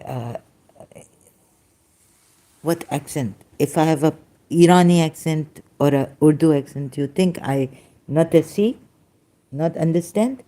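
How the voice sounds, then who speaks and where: Slow, low-voiced woman lecturing. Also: dark tone. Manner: halting, searching, non-native English phrasing. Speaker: religious critic presenting scripture. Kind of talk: informal lecture reading verses aloud.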